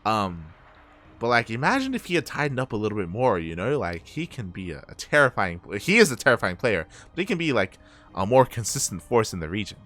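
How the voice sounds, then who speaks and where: Excitable male esports caster, lively pitch. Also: brisk. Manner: excitable, laughs often, says "mate". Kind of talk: live game commentary.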